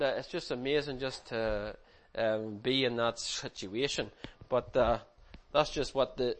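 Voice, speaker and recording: A man's voice: on the high side, fairly bright tone. A middle-aged man, giving an informal slideshow talk to a young audience, chatty and teasing as he calls them up to the front. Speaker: speaker presenting slides to a group.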